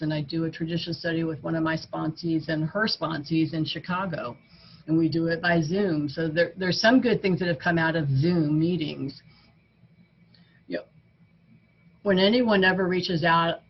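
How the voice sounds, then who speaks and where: An older woman giving an earnest, conversational personal testimony as the speaker at a recovery meeting. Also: fairly low pitch. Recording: dull lo-fi recording with faint noise.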